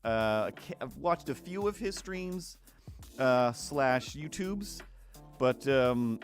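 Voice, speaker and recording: A man's voice: medium pitch, animated, takes it slowly, soft background music. A man chats through a live drawing stream in a loose, rambling way. His talk is full of ums and side-tracks, and he laughs at his own asides. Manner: rambling and chatty, with many fillers and self-amused laughs. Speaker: cartoonist streamer. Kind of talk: casual live-stream chat while drawing.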